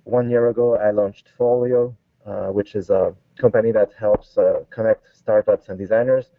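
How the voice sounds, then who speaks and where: A man's voice: lowish voice, fairly even intonation, moderate pace, creaky, dry recording. A man from France with a French accent, a guest designer speaking with many hesitant fillers in a casual interview over a call. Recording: tinny phone-like line.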